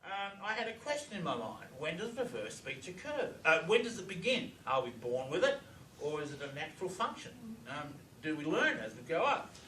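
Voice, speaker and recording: A man's voice: on the high side, sing-song, brisk, bright, forceful tone, reverberant, distant mic, a little hiss or hum, rough recording. An older man giving a live presentation to an audience, talking with conversational enthusiasm. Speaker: lecturer.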